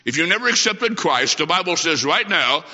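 A man's voice: on the high side, sing-song, moderate pace, bright, forceful tone. A man from Illinois, a traveling preacher, delivering a sermon in a church with folksy, emphatic storytelling. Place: church sanctuary. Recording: dull lo-fi sound with long church reverb.

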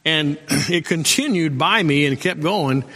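A man's voice: on the high side, a little slow, pushed and bright, breathy edge. A middle-aged male pastor preaching a folksy sermon and calling out for amens from the congregation. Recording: long hall reverb.

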